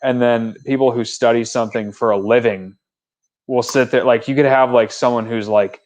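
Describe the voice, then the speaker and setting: A man's voice: mid-range voice, steady tone, moderate pace, a little mellow, dull audio. A young man co-hosting a casual livestream chat, easygoing and chatty with fillers. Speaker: podcast co-host.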